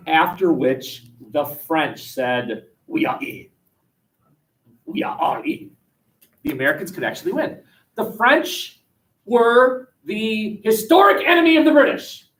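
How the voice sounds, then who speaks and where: A male history teacher lecturing a class in a lively, joking way, full of fillers and acted-out quotes. His pitch sits a little high and jumps around a lot. He is recorded from across the classroom. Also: a little slow. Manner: jokey, acts out quotes, many fillers. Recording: voice from far off the mic in a classroom.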